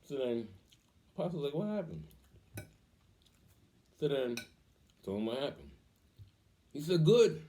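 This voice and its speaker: A middle-aged man and father telling family stories in a casual, animated way, acting out the voices he quotes and laughing often. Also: on the high side, slow, long pauses, a little hiss or hum. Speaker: vlogger, father. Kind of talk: casual storytelling.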